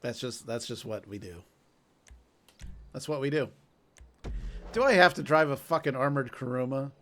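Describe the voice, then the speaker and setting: A man's voice: mid-range voice, animated, normal speed, fairly bright tone, a little hiss or hum. A man streaming a video game with friends, chatting casually, joking and reading chat messages aloud. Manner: teasing, reads chat aloud.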